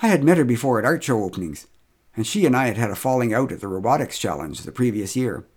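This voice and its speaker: A man's voice: medium pitch, expressive, fast talker, a little mellow, slightly rough. A middle-aged man telling a humorous first-person story with wry, dry humor.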